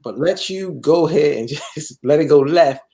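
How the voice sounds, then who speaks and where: His voice is a little high, mellow, and moderately paced as he hosts a live gaming talk show. He rambles and repeats himself in casual chat, tagging lines with "bro" and "right?".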